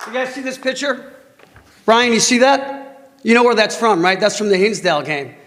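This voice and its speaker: Heated dad at board meeting mic, high voice, boomy hall reverb. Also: male voice, fairly bright tone. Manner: angry, emotional, halting. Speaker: parent giving public comment. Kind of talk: heated public comment at a meeting.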